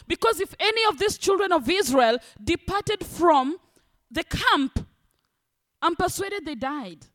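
A woman preaching a sermon, animated, acting out the voices of church members. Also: extremely high pitch. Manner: animated, acts out congregants' voices.

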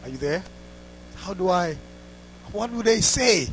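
A man preaching a sermon through a story, dropping to hushed asides and rising to loud exclamations. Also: high voice, expressive, unhurried, slight background noise, low-quality recording. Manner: laughs between lines.

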